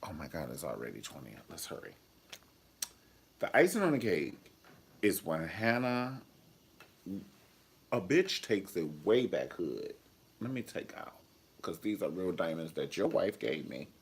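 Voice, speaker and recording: A man's voice: low-pitched, sing-song, a little slow, vocal fry, pauses often, slightly rough. A man reviewing a TV episode in a casual vlog, flamboyant, sassy and profane. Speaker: TV show reviewer.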